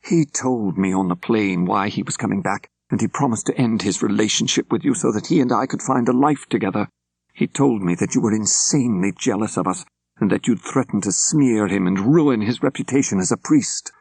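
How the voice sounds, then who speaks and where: A man voicing a composed, scornful woman who speaks in a cool, cutting, deliberate way. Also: on the low side, creaky, darkish tone, husky, dry recording. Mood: accusing.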